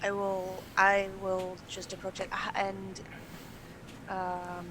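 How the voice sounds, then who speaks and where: A woman's voice: medium pitch, monotone, takes it slowly, background noise. A woman playing in a tabletop game, talking in a hesitant, earnest way. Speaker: player. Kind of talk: casual game play.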